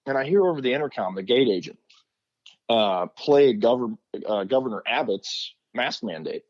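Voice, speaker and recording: A man telling a story as a podcast guest in casual chat, animated and acting out quotes. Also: mid-range voice, normal speed, lo-fi sound.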